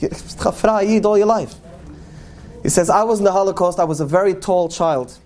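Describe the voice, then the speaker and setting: Earnest high-voiced man, tinged storyteller. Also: a little mellow. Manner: earnest, slows and lingers on key words for emphasis. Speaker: rabbi. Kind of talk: storytelling talk to an audience.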